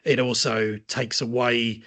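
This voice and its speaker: A man's voice: medium pitch, flat delivery, slow, fairly bright tone. Man hosting, hedging thoughtfully. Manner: hedging, thoughtful, many "sort of" and "maybe". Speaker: marketing host. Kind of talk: webinar conversation.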